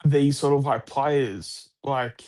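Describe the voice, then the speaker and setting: A man's voice: mid-range voice, slow, a little mellow. An Australian man chatting casually about sport on a live stream, rambling with lots of restarts and the odd swear word.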